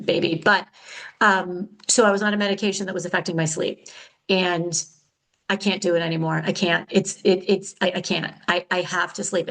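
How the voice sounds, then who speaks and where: Heard through a low-quality recording, her medium-pitched voice has a slightly bright edge. She's a middle-aged woman running her own podcast, chatting solo in a candid, somewhat frenetic way with lots of self-corrections.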